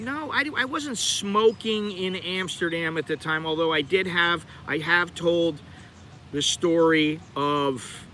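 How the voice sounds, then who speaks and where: Bright-voiced, chatty American man. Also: on the high side, slow pace, slight background noise. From United States. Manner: chatty, digressive, talks to viewers directly. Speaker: channel host. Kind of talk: rambling livestream chat.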